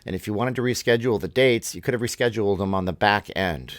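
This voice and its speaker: Man, vlog host, ranting commentary, low voice, dry close sound. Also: fast, dry recording. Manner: ranting, repeats and restarts words. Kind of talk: opinionated commentary.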